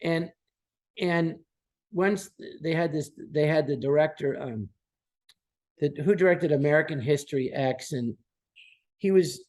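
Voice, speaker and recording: Animated man in his sixties telling stories. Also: on the high side, a little slow, long pauses. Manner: animated, acts out quoted voices. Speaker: guest. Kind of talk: casual anecdote telling.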